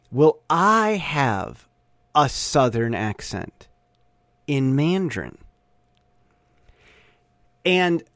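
A man's voice: medium pitch, fairly bright tone, no room sound, clean studio sound. A young man giving an opinionated casual monologue, often stumbling and restarting his sentences.

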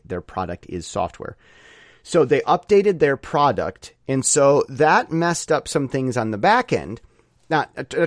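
A man's voice: medium pitch, no echo, clean studio sound. A man giving a casual weekly update, rambling through digressions and correcting himself with jokey asides.

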